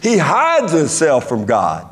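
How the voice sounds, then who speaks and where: A man with an East Texas accent preaching a sermon in a folksy, animated way, acting out quotes as he goes. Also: a little high, slow.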